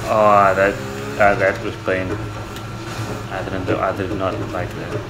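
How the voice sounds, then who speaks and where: Low-voiced man rambling over gameplay. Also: level tone, a little slow, poor audio. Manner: rambling, restarts, swears often. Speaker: gamer. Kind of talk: casual gameplay commentary.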